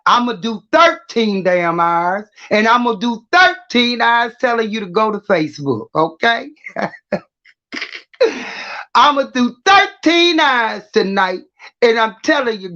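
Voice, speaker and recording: A woman's voice: mid-range voice, a bit bright. Middle-aged woman, livestream host, brash and laughing, muffled lo-fi audio. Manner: brash, trash-talking, laughs often. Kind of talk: casual livestream talk.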